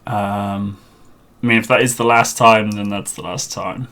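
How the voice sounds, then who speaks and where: A man chats through a live game stream on a headset mic, his voice bright and forceful. He mutters along to himself as he fiddles with the setup, half to the viewers and half to the screen. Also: lowish voice, flat delivery, measured pace. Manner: chatty, muttering to himself while sorting out a server.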